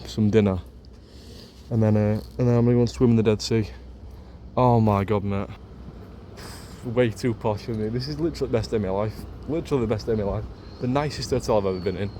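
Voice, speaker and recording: Slight background noise sits behind a fairly low, mellow male voice. He's a travel vlogger from Leeds, England, whose Yorkshire accent comes through as he enthuses to a handheld camera in a laid-back vlog and keeps repeating phrases.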